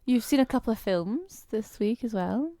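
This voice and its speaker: A woman with a Scottish accent co-hosting a casual podcast chat, chiming in quickly. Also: fairly high pitch, lively intonation, warm tone, no echo. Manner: chatty, quick to chime in. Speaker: podcast co-host.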